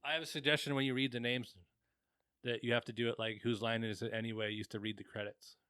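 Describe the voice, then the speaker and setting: A man with a bright, mid-pitched voice chats on a podcast. He rambles through lists and lets his lines trail off. The recording is dry and close. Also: little pitch movement, fast talker, smooth, dry recording. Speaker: podcast co-host. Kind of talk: casual chat.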